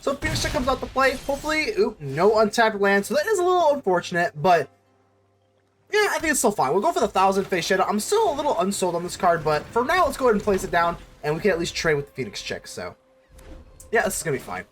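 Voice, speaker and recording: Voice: mid-range voice, very animated, fast talker, a bit bright, faint music behind. A card game streamer thinking aloud through a match, fretting and scolding themselves over mistakes in casual commentary.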